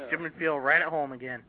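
A man's voice: a little high, no room sound. Man leading a chat on a tinny line. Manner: steers the talk, asks the others questions. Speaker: podcast host. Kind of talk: casual chat.

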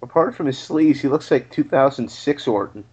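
A man joining a casual podcast chat who breaks into loud, laughing outbursts. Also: medium pitch, normal speed. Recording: lo-fi with clear noise, off-mic.

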